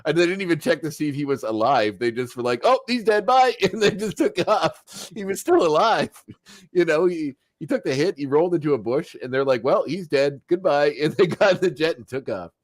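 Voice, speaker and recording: A man hosting a casual podcast, recapping an animated episode as an animated storyteller who acts out quotes and chuckles as he goes. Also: on the high side, fairly quick, no echo, studio quality. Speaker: podcast host.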